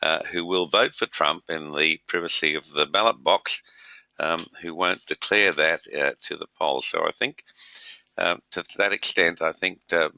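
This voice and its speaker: A deep-voiced Australian man with a gravelly edge hosts a trading webinar, chatting casually and padding his speech with filler words. His tone is sharp and forceful. The sound is dull, lo-fi and dry. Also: normal speed, dry recording. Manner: rambling, many filler words. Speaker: webinar host, trader.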